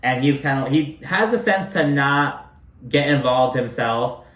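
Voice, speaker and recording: A man's voice: medium pitch, animated, a little slow, a bit bright, echoey room. A man giving casual, profane commentary on a reality show, talking loosely and filling his speech with "like". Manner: profane, chatty, filler-heavy with constant "like".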